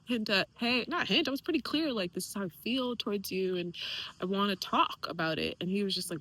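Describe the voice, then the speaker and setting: Bright, husky-voiced woman venting. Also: mid-range voice, big pitch swings, fairly quick, no room sound, poor audio. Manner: emotional, tearful, sighing; casual, many fillers, acts out quoted people. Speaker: vlogger. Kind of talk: candid emotional venting to camera.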